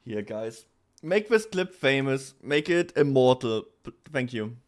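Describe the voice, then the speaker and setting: A man's voice: medium pitch, lively intonation, a little slow. A young man with a German accent, chatting casually as a streamer, often breaking into laughter. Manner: laughs often, reacts loudly to chat.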